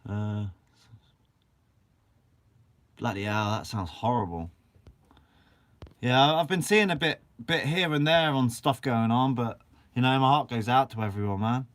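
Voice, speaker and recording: A man's voice: medium pitch, normal speed, a bit bright. A young man from Guernsey, hosting a fishing channel and answering live chat in a chatty, upbeat way with casual swearing. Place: shed.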